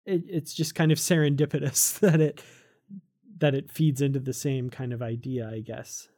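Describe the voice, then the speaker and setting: Podcast co-host, chatty and enthusiastic, mellow tone, mid pitch, laughs a lot. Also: fairly even intonation, moderate pace. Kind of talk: casual chat reviewing a comic.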